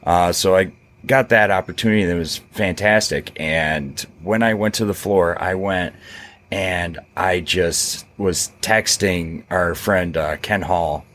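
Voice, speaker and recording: A man's voice: low-pitched, a little slow. A man co-hosting a podcast in casual chat, steadily recounting with many "uh"s. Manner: steady, filler-heavy recounting. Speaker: podcast co-host.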